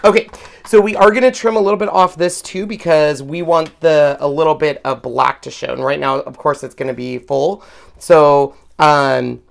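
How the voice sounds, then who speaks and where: A woman's voice: low-pitched, fairly even intonation, normal speed, creaky. A woman hosting a craft demonstration, chatting casually and laughing at herself while she works. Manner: chatty, self-deprecating, laughs often. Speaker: craft channel host. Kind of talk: casual craft demo chat.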